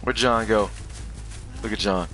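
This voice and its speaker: A man's voice: fairly low pitch, unhurried, sharp tone, faint music behind. A young man giving casual, jokey commentary while streaming a video game, laughing often and trash-talking the game. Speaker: gaming streamer.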